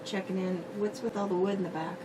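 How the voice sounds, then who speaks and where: A woman's voice: mid-range voice, steady tone, quick pace. A woman co-hosting a casual home beer-review show, teasing her partner with sarcastic comebacks. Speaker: co-host of a beer review channel. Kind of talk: casual banter. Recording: distant mic with background noise.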